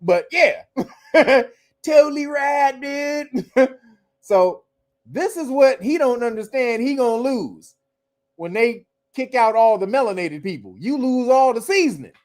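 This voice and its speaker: A male host talks in a high, bright-pitched voice, running a loose, profane livestream rant. He laughs often and keeps the energy animated. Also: unhurried. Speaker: show host. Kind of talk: casual livestream commentary.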